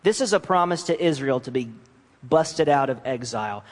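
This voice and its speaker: A man's voice: medium pitch, moderate pace, long reverb tail. A man preaching a sermon and acting out the voices of the scriptures he reads. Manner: animated, acts out voices of mocking nations and God.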